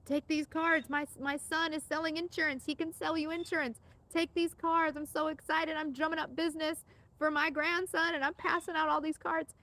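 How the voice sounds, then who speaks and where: A woman voicing an excited, doting grandmother who gushes with delight about her grandson. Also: normal speed. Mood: gushing, excited. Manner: gushing, high-pitched and breathless with delight.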